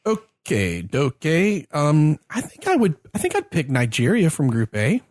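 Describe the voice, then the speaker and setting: Man, podcast co-host, casual chat, playful, animated pitch, dry close sound. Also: measured pace, no echo.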